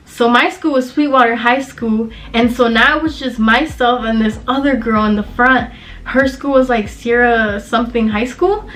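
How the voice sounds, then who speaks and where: A woman's voice: fairly high pitch, fairly even intonation, a little slow, a bit bright, soft background music, rough recording. A young woman from Southern California telling a personal story in a casual, chatty way, full of fillers. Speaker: vlogger.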